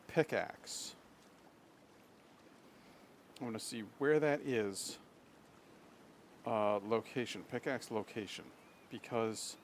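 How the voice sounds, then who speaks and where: A man's voice: medium pitch, a little hiss or hum. Chatty male streamer, mid voice. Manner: chatty, swings into excited baby talk with his dog. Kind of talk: casual live-stream chat.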